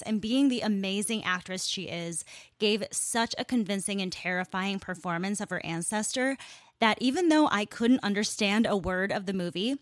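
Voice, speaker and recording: Woman podcaster telling a story, animated and chatty, mid pitch, dead dry sound. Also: no echo. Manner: chatty and animated, laughs as she talks. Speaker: podcast host.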